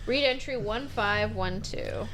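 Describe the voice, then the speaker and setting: A woman's voice: a little high, takes it slowly, fairly bright tone, a little hiss or hum. Joking woman narrating a gamebook. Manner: joking asides between narration. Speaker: reader and game narrator. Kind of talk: reading a gamebook aloud with friends.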